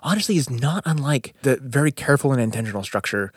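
A man's voice: mid-range voice, quick pace, slightly rough, no echo, clean studio sound. A man co-hosting a podcast, playfully summarizing a film in casual chat, joking as he goes. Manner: playful and jokey, with a lively, animated delivery. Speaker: podcast co-host.

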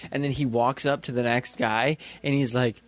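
A man's voice: mid-range voice, normal speed, a little hiss or hum. A young man co-hosting a podcast, chatting casually and acting out the people in his stories. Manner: animated storyteller, acts out the people in his stories. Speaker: podcast co-host. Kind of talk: casual chat.

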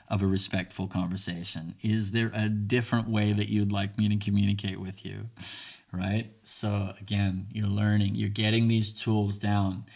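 A man hosts a casual podcast about communication, coaching listeners in an earnest way and repeating phrases for them to say along. His voice is on the low side, creaky and darkish.

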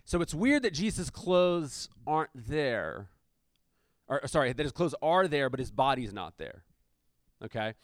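Smooth-voiced man preaching casually. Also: medium pitch, measured pace, no echo, clean studio sound. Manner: explains verses with casual asides and fillers; shifts between reading aloud and lively commentary. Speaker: pastor. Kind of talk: conversational sermon with scripture reading.

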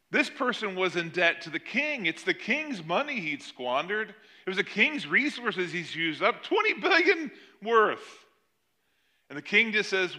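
A middle-aged pastor with a high-pitched voice preaches a little slowly, telling the story with animated swings between loud emphasis and quiet asides.

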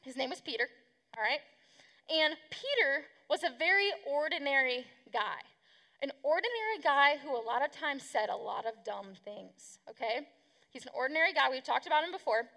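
A woman's voice: sits high, animated, normal speed, creaky, sharp tone, in a large hall. A woman preaching a casual youth sermon, chatty and slangy, acting out the people she talks about. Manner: chatty, slangy, acts out quotes. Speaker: youth pastor.

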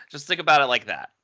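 A man's voice: on the high side, sharp tone. A man co-hosting a casual podcast chat, joking and laughing often as he talks about his audio drama project.

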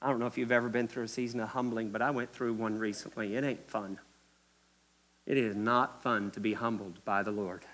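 A man's voice: on the low side, fairly even intonation, a little fast, a bit bright. A man from Kentucky with a Kentucky accent, preaching a sermon as a pastor in a church, repeating key phrases with emphasis and speaking straight to the congregation. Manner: emphatic, repetitive, addresses the congregation directly.

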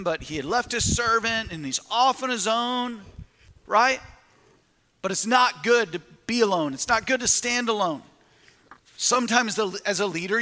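A man preaching as lead pastor in a church sanctuary, tossing rhetorical questions to his congregation. His voice sits high and comes through bright and forceful. A long reverb trails his words through the hall. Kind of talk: sermon.

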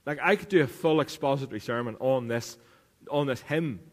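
A man's voice: mid-range voice, fairly quick, in a large hall. A man preaching a sermon as pastor, earnest, repeating key lines for emphasis. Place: church.

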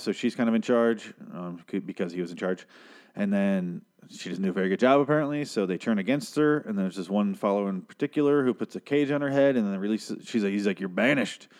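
A man's voice: fairly low pitch, darkish tone. Rambling, cursing man recapping a show. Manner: rambling, profane, opinionated. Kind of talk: casual episode recap.

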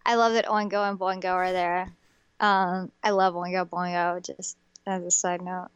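A woman's voice: on the low side, level tone, moderate pace, smooth, no room sound, dull audio. A young woman co-hosting a podcast, chatting casually with many fillers and restarts. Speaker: podcast co-host. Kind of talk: casual chat.

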